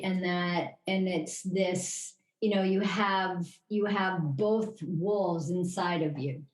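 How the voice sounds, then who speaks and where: A woman's voice: mid-range voice, darkish tone. A woman co-hosting a podcast in casual chat, telling stories in a rambling way with many restarts. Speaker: podcast co-host. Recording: roomy echo.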